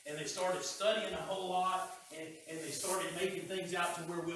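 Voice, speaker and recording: A man's voice: a little high, fairly quick, a bit bright, slight background noise. A male pastor preaching a sermon in a folksy, conversational way, often repeating words. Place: church sanctuary. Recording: echoey church heard from a distance.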